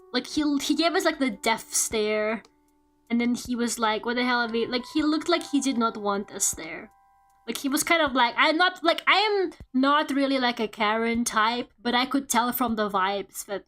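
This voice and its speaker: A woman's voice: sits high, a bit bright. A woman streamer chatting casually while she draws, rambling, swearing and laughing, with "like" in nearly every sentence. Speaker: VTuber streamer.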